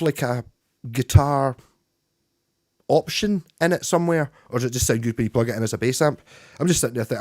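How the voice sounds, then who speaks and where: A man at home with his guitar chats with viewers on a livestream, wandering between thoughts and frequently restarting. He has a mid-range, darkish voice, captured as clean studio sound without echo.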